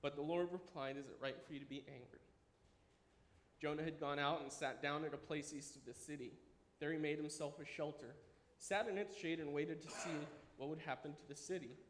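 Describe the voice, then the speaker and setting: Man, 30s, pastor preaching, animated, slightly high voice, echoey hall. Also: a little fast. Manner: animated, enthusiastic preaching with sudden drops to quiet. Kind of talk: sermon. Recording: echoey room with faint ambience.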